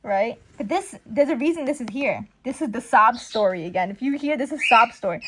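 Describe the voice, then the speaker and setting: Woman, casual comic read-along, slangy and animated, lively pitch, noisy home recording. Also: brisk, hardly any pauses. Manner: slangy, animated, thinks aloud. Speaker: comic reader and commentator.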